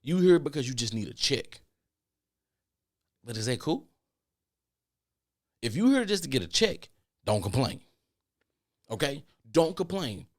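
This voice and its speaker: A man hosting a solo podcast, ranting in an animated way, repeating his points for emphasis and swearing freely. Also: unhurried, pauses often. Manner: animated ranting with mocking falsetto impressions. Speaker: podcast host.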